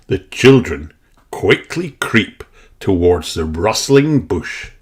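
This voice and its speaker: A man reading a children's storybook aloud in a slow, sing-song narration. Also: low-pitched, big pitch swings, over music. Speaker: storybook reader.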